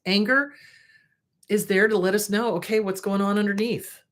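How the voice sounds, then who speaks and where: A woman's voice: mid-range voice, steady tone, normal speed, a bit bright. A middle-aged woman therapist giving frank, emphatic advice straight to her viewers, with playful asides. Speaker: therapist host. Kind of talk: casual advice talk to camera.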